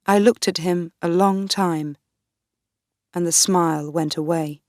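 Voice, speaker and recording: A woman narrating a graded reader audiobook in the first person, reading slowly and clearly. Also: fairly low pitch, fairly even intonation, darkish tone, dry recording, studio quality. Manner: slow, clear, deliberate reading.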